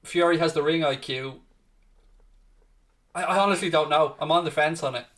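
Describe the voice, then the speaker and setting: A man's voice: a little high, moderate pace, a bit bright. Chatty Irish man hosting a watchalong. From Ireland. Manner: chatty, answers viewer questions, says "mate" often. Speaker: watchalong host. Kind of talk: casual live-stream chat.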